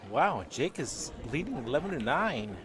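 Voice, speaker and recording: A man's voice: on the high side, sing-song, normal speed, a bit bright. A man co-commentating a live pool match, teasing and joking with the other hosts. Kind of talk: casual live-stream commentary.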